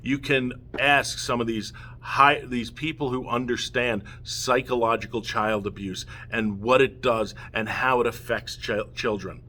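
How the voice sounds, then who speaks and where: A man's voice: medium pitch, steady tone, measured pace, few pauses, sharp tone. A middle-aged man delivers an impassioned, emotional rant straight to the camera as a father, heated and pleading, often checking in with "okay?". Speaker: father speaking out against family courts.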